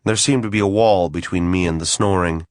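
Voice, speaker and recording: A man's voice: sits low, steady tone, brisk, no echo. A man reading a first-person fantasy audiobook in a dry, wry manner. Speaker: audiobook narrator.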